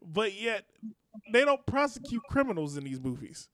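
A man co-hosting a podcast in casual chat, animated, swearing freely and laughing often. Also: high-pitched, moderate pace, dry recording, clean studio sound. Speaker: podcast co-host.

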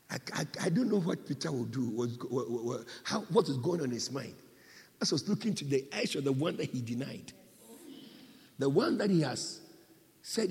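A man's voice: fairly high pitch, animated, normal speed, creaky. Impassioned male preacher in a reverberant church. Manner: impassioned, surging from hushed to shouting. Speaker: pastor. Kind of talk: sermon.

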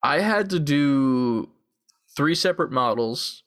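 A man's voice: on the high side, expressive, slow pace, a bit bright. A young man co-hosting a podcast in casual chat. He talks in a laid-back, profane way full of "like" fillers, into a desktop USB mic on a call. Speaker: podcast co-host. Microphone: desktop USB condenser mic on a call.

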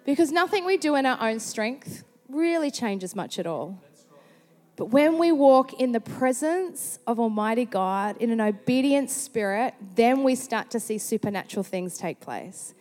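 A woman with an Australian accent preaching a sermon, telling a personal story in a chatty, animated way. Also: a little high, a little slow. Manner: chatty, animated storyteller who slips into quoted voices. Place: large church hall. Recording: long hall reverb.

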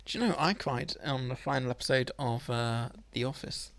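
A man's voice: medium pitch, normal speed, a bit bright, dry recording. A man co-hosting a podcast in casual chat, hesitant and full of ums, laughing often. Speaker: podcast co-host. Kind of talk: casual chat about a TV series.

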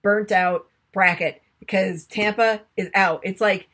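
A woman's voice: mid-range voice, fairly even intonation, a little slow, fairly bright tone. A woman co-hosting a casual sports podcast, chatty and self-deprecating, fussy about how names are pronounced. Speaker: podcast co-host.

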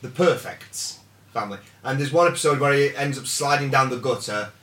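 A man's voice: mid-range voice, a little fast, a bit bright, distant mic. A man rambling hesitantly through a story on a casual comedy podcast, full of fillers. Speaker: podcast panelist. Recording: echoey room, off-mic, faint background.

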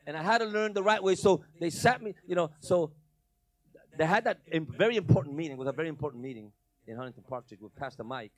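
A man preaching a lively sermon, acting out voices, breaking into shouts and laughing often. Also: on the high side, fast talker, no echo. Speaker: pastor.

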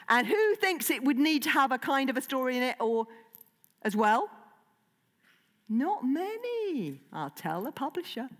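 A woman children's author talking playfully to a young audience, asking them questions and reading aloud. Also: on the high side. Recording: long hall reverb.

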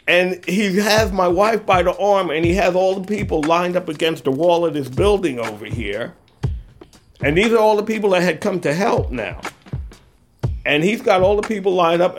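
An older man from California telling a personal story, halting and reflective, with pauses and fillers. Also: high voice. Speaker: eyewitness storyteller. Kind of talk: personal story told in interview.

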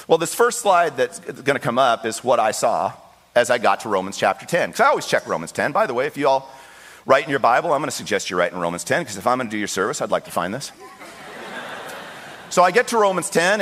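A man's voice: mid-range voice, fast. Male pastor, preaching storyteller, acts out quotes, echoing church hall. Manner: storytelling with lively voiced quotes. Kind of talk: sermon. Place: church sanctuary. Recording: long hall reverb.

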